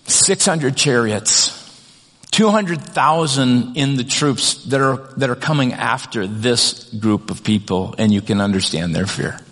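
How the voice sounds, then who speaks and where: A mid-range, fairly bright male voice delivers an unhurried sermon in a large hall. As pastor, he talks conversationally, reading scripture aloud, frequently starting over and leaning on "kind of."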